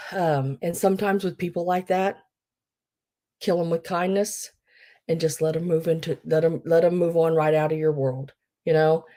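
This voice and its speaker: Chatty woman, low mellow voice. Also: fairly even intonation, normal speed. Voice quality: rambling, chatty storytelling with many fillers. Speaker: live online sale host. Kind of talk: casual live-sale chat.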